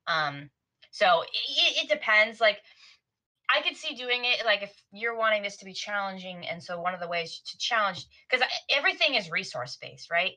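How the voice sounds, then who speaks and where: A woman's voice: medium pitch, lively intonation, normal speed, pushed and bright. A woman co-hosting a podcast for game masters, chatting casually with frequent restarts and laughs. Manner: rambling, many restarts and laughs. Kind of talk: casual chat.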